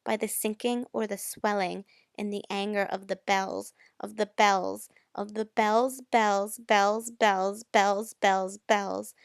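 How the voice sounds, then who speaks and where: Slow, crisp woman reciting verse. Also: medium pitch, no room sound, studio quality. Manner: slow, measured reading that grows louder on the repeated words. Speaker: poetry reader. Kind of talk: dramatic poetry recitation.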